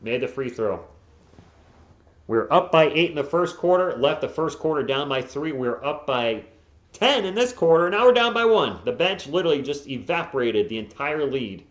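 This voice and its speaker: A man giving live play-by-play as a fan streamer, openly partisan and bursting into frustrated yelling at the players. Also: medium pitch, lively intonation, moderate pace. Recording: echoey, dull lo-fi home mic.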